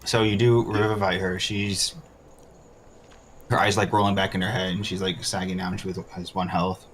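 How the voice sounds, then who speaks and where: A man as dungeon master, narrating the game in a measured, matter-of-fact way. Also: deep voice, flat delivery, fairly bright tone, a little hiss or hum. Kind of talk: running a tabletop game.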